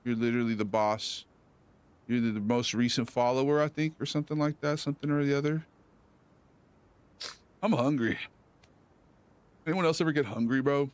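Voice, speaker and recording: A man's voice: mid-range voice, moderate pace, long pauses, clean tone. A man chatting on a live stream in a joking, slangy, rambling way.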